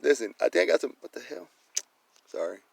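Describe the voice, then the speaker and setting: A man ranting casually on a livestream, swearing constantly, then slowly reading legal text aloud. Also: on the high side, sing-song, creaky, slightly rough, no echo, poor audio. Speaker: video maker showing his documents. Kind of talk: casual profane livestream rant.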